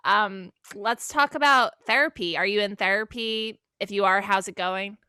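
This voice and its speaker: A woman hosts a casual podcast chat, and her voice is bright and clear as it cuts through. She is playful, laughs easily, and keeps the questions coming. The recording is dry, as if made right at the mic. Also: mid-range voice, moderate pace, no room sound. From United States. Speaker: podcast host.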